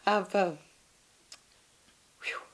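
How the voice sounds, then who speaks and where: An older woman, an interview guest, telling candid stories in a lively, self-mocking way and laughing between lines. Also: extremely slow. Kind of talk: candid storytelling chat.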